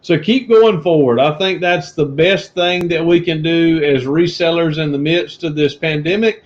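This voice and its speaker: Male livestream co-host, earnest and preachy, higher voice, muffled lo-fi stream sound. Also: normal speed. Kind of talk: casual livestream chat. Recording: dull lo-fi stream audio.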